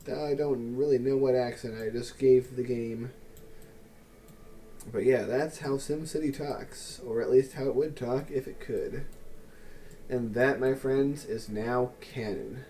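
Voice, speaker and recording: A man's voice: mid-range voice, measured pace, mellow, slight background noise. A man casually commenting on his city-building game in a wry, sarcastic, musing way. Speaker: let's play host.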